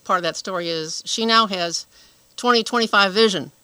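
Earnest woman, bright voice. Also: medium pitch, moderate pace, smooth, no room sound, low-quality recording. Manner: earnest, restarts while explaining. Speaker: guest from a children's health program. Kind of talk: radio interview.

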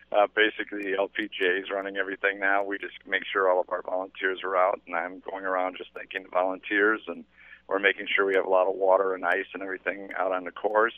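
A man's voice: deep voice, no echo. A man who organizes a golf tournament, interviewed live outdoors on the radio. He speaks in an enthusiastic, rambling way with lots of fillers. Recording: tinny phone-line audio.

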